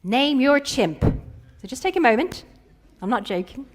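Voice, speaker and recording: Lively, playful woman. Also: high-pitched, unhurried. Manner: playful storytelling with acted-out quotes. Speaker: keynote speaker. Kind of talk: conference keynote.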